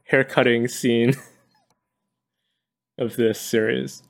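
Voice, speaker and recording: A man co-hosting a podcast in casual chat, relaxed, laughing often and adding quick jokes. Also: mid-range voice, gravelly. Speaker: podcast co-host. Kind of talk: casual chat about manga.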